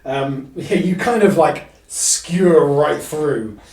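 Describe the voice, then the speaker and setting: Slightly high, echoey game master man. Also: darkish tone, far from the mic. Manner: halting, with many fillers and restarts. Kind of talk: narrating a live tabletop game.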